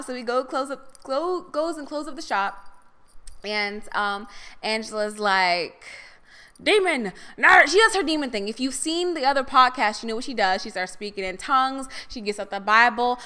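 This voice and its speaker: Bright high-voiced young woman, laughing storyteller. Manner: laughs often, swears freely, rambling. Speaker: podcast co-host. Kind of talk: casual storytelling chat.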